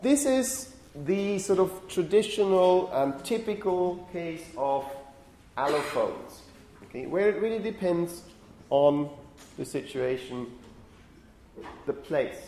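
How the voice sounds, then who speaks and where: A man with a fairly high voice gives a university lecture, explaining step by step and pausing to check that the class follows. The sound is roomy, with faint classroom noise behind him. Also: expressive, mellow. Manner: explanatory, thinking aloud, frequent checks with students.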